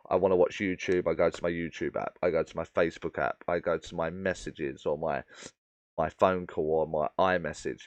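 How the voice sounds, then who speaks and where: A man's voice: sits low, no echo. A man hosting a live question-and-answer stream as a medium, explaining at length with many fillers and addressing viewers by name.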